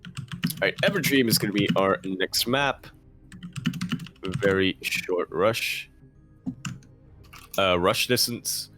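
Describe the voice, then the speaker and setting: A man's voice: fairly low pitch, a bit bright. A man co-casting a live esports tournament in laid-back, joking banter with frequent laughs. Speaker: esports co-caster. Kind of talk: casual live commentary banter.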